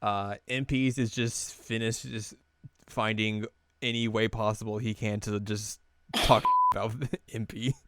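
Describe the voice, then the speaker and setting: A man's voice: fairly low pitch, flat delivery, unhurried, bright, forceful tone, no room sound. A man co-hosting a podcast in casual chat, joking and laughing often as he retells scenes. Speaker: podcast co-host.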